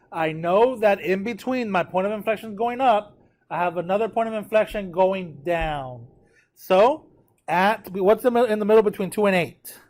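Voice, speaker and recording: A tired man teaching a math class, talking students through a graph and checking in with them often. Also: high-pitched. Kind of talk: live classroom lecture at a whiteboard.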